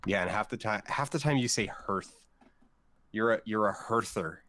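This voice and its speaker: A man's voice: on the low side, normal speed, fairly bright tone. A man playing a game alongside a streamer, chatting casually in a dry, teasing, hesitant way. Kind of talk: casual gaming chat.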